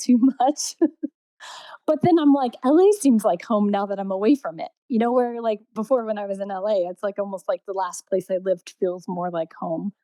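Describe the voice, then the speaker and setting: Rambling woman, mellow and dry. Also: mid-range voice, no room sound. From Indiana, USA. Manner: rambling, full of "like" and restarts, laughs often. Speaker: artist interviewee. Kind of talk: casual storytelling.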